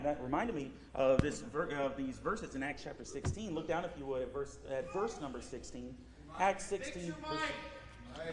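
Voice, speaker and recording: A man's voice: fairly high pitch, in a large hall. A man preaching a sermon, telling a story in a casual, rambling way with many fillers.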